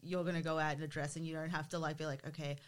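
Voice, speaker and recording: A woman's voice: sits low, flat delivery, very fast. Woman interviewer, chatty and supportive, lots of little yeahs and mms. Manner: supportive, frequent short backchannels. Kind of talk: casual conversation.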